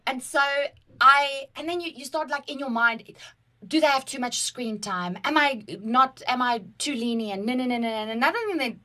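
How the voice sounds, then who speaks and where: A woman with a South African accent, co-hosting a podcast and telling a personal story in an animated, dramatic way. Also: medium pitch. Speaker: podcast co-host. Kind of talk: casual chat, personal storytelling.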